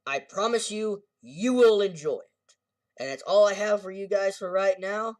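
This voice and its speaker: A man's voice: high voice, moderate pace, no echo, far from the mic. A man giving a casual, rambling movie review, often correcting himself as he retells scenes.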